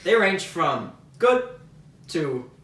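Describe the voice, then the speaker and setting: A man's voice: fairly high pitch, very animated, drawn-out words, a bit bright. A young man from Texas hosting a casual podcast review, wry and talkative as he leads the chat. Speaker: podcast host. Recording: roomy, distant mic.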